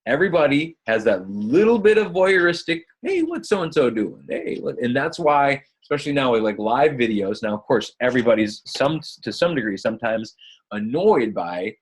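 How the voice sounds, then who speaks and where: A man with a slightly husky voice running a live online coaching session. He talks in an upbeat, chatty way and keeps calling his listeners guys. He sounds like he is on a computer mic during a screen-shared video call. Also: medium pitch, expressive, normal speed. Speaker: fitness business coach.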